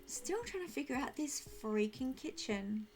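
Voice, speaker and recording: A woman's voice: high voice, animated, a little slow, darkish tone, faint music behind. Chatty woman streaming a game. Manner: chatty, thinking aloud, answering chat. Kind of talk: casual live-stream chat while decorating in a game.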